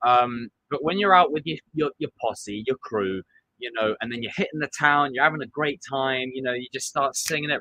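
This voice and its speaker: A man hosting a live stream, chatting casually and excitably about a TV show and acting out quotes. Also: medium pitch, fast talker, no echo. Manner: animated, excitable, acts out quotes.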